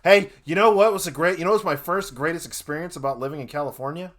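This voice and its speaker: A man running a tabletop game, his voice bright and forward. He chats playfully and narrates the scene with lots of little hesitations. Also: on the high side, quick pace. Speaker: game master.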